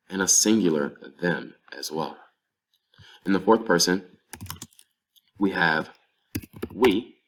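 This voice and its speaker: Very deep-voiced man teaching. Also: fairly bright tone. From North Carolina, USA. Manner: patient, step-by-step explaining with example phrases. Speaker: Spanish teacher. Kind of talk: explanatory language lesson.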